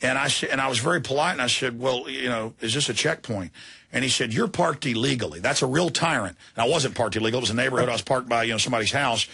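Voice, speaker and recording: This middle-aged man hosts talk radio and speaks fast at a medium pitch, his tone sharp and husky with vocal fry. Tired from a marathon broadcast, he rambles heatedly through a story, frequently starting over.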